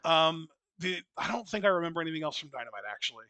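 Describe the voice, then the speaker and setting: A man's voice: fairly high pitch, lively intonation, fast talker, bright, forceful tone, clear, resonant tone, no room sound. A man co-hosting a casual podcast, talking in a blunt, opinionated and profane way, with rambling restarts. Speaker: wrestling podcast co-host.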